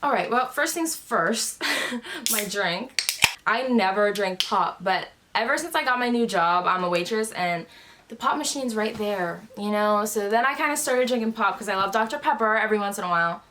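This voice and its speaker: A woman YouTuber chatting excitedly in a casual vlog while eating on her bed at home. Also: medium pitch, moderate pace.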